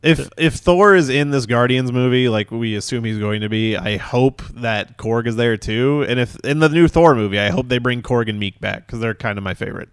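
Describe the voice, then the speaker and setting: Laid-back podcast host, smooth dry voice. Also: male voice, mid-range voice, normal speed, few pauses, dry recording. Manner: rambling, laughs often. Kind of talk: casual chat.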